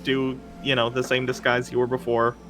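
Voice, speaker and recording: A man playing a tabletop game, excitable and planning aloud, swearing casually. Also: mid-range voice, normal speed, music in the background. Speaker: player.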